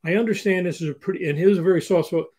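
A man's voice: high voice, very fast, breathy edge. An older man speaking as an interview guest, giving hiring advice in a conversational way and acting out example dialogue. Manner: animated, acts out example dialogue.

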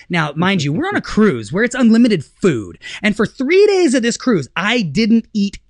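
A man's voice: high voice, wildly swooping pitch, moderate pace, hardly any pauses, dry recording, clean studio sound. A man co-hosting a podcast, telling a story in a casual, self-mocking way and laughing often. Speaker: podcast co-host.

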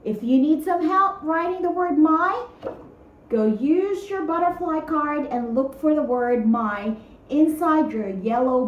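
A woman teaching young children to write, talking slowly and patiently in a sing-song teacher voice and stretching words out. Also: sits high, reverberant, muffled recording. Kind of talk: guided writing lesson for young children.

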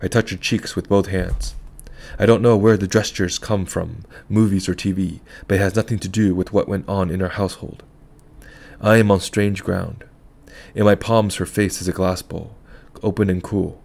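Deep-voiced man reading fiction calmly. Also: vocal fry. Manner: calm, measured and reflective. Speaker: audiobook narrator. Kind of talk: first-person literary narration.

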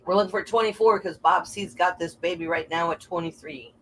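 Chatty auctioneer woman, bright voice. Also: lowish voice, fairly quick, a little hiss or hum, low-quality recording. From American South. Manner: chatty, laughs often, sings made-up bits. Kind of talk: live auction calling.

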